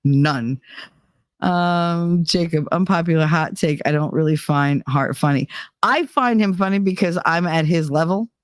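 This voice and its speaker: A woman's voice: low-pitched, a little slow, no echo. A woman hosting a live stream, chatting casually and reading out comments, rambling and laughing often. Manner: fond of loud, over-the-top talk. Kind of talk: casual chat.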